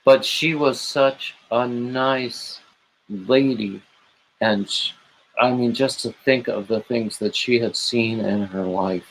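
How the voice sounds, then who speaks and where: A man's voice: mid-range voice, slow, vocal fry, poor audio. A man hosting a late-night livestream, rambling on and greeting chat viewers by name with gushing, emotional asides. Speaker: livestream host.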